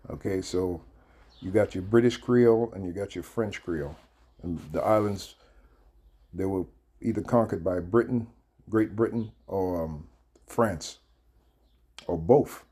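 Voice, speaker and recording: Channel host, man, deep and dark-toned, loose rambling commentary. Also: breathy edge. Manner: rambling, heavy with fillers, reads text aloud. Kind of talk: casual commentary.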